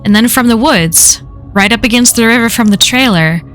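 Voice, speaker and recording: A woman's voice: a little high, normal speed, fairly bright tone, soft background music. A woman reading a first-person horror story aloud in a casual, profane way. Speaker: story reader.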